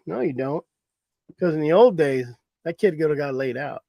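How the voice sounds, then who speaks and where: A middle-aged hunting guide tells a story in a loose, folksy ramble and chuckles at his own tale. His voice sits a little high. The sound is dry and close, with no room around it. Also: animated, normal speed, creaky, dark tone, no echo. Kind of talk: casual storytelling.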